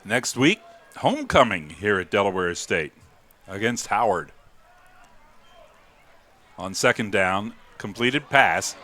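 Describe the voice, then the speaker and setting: A man calling live football play-by-play, rising to excited calls on big plays. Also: fairly low pitch, slow pace, long pauses. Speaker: play-by-play announcer.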